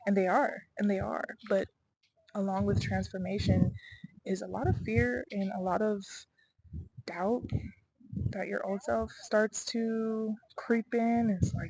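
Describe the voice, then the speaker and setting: A woman's voice: medium pitch, fairly even intonation, normal speed, darkish tone, low-quality recording. A young adult woman talking through her doubts in a rambling, earnest personal vlog, her delivery swinging to emphatic bursts. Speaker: vlogger.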